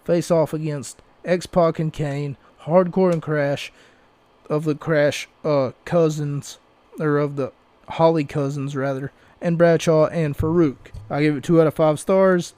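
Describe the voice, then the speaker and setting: A man with a fairly high, mellow voice talks slowly through a casual wrestling recap, rambling and doubling back on himself. The sound is dry and close, with no room around it. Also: clear, resonant tone, dry recording. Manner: rambling, with restarts and asides. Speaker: podcast host.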